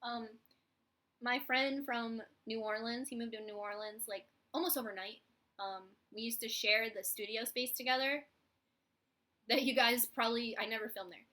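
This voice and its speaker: A woman's voice: fairly high pitch, fairly even intonation, normal speed, bright, forceful tone. A woman in her twenties with a Philadelphia accent, chatting casually on a live vlog. She is self-mocking and acts out the voices of the people she quotes. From Philadelphia, USA. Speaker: vlogger.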